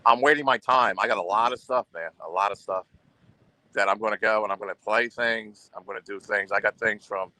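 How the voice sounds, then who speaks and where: A man with a very deep voice hosts his own livestream. He rambles and brags, circling back over the same phrases. The sound is dry, with no room echo at all. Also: fairly quick, pushed and bright. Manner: boastful and repetitive, goes on the offensive. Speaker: livestream host.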